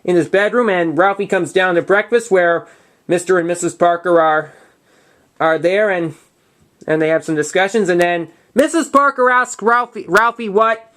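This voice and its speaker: A young man hosting his own movie review, retelling a plot in a casual, halting way full of restarts and false starts. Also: high-pitched, fairly bright tone.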